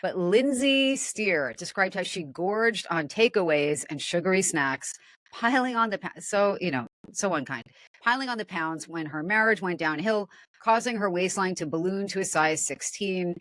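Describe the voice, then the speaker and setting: A woman's voice: fairly low pitch, lively intonation, moderate pace, a bit bright, no room sound. A woman hosting a casual podcast, reading odd news stories aloud and laughing at them. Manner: amused, laughs often, comments while reading. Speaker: podcast host.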